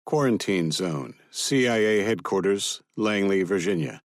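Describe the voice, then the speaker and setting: A man narrating a thriller audiobook in a steady, even storytelling manner. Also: low-pitched, no echo, studio quality.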